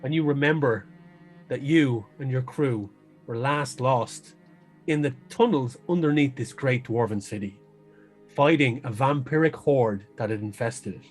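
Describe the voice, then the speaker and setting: A man running a fantasy tabletop game, narrating scenes at an ordinary pitch. His storytelling is descriptive and unhurried, and he now and then stops to restart a phrase. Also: faint music behind. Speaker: game master.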